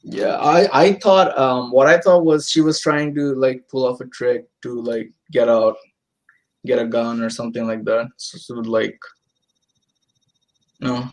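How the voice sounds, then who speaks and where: A man in a casual movie chat, hesitant and soft-spoken. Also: mid-range voice, steady tone, a little slow. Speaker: podcast guest.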